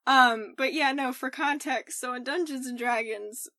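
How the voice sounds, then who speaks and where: A woman with a high, bright, ringing voice tells stories in casual podcast chat. She is animated, laughs a lot and swears freely. Her voice sounds close and dry, with no room around it. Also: unhurried, no room sound. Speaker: podcast co-host and game master.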